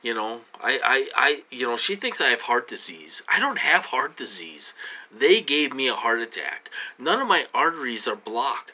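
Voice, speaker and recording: Sharp-voiced man rambling to camera. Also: medium pitch, sing-song, normal speed. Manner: rambling and repetitive, many fillers; upset, growing agitated. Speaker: vlogger. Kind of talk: personal talk to camera.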